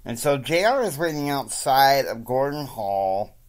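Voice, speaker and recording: Slow-paced man narrating his own story casually, drifts into asides. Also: medium pitch, lively intonation. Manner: rambling asides, frequent fillers.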